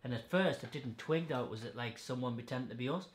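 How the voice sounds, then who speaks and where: A man tells stories in blunt, heavily sweary casual chat. His voice sits at an ordinary middle pitch and carries the echo of a bare room. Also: fast talker. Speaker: podcast host. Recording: echoey room.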